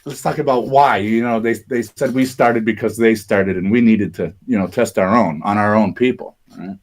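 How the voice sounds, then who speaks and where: A man's voice: on the low side, moderate pace. A man hosting a live talk show, reading out history in a casual, joking way with lots of fillers and restarts. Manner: conversational, jokey asides, frequent fillers and restarts. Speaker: show host presenting research. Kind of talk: casual podcast commentary.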